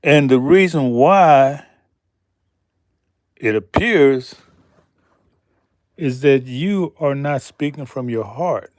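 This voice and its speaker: A man hosting a slow, deliberate commentary monologue, emphatic and pausing often, asking pointed rhetorical questions. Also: medium pitch, darkish tone, no room sound, clean studio sound. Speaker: channel host.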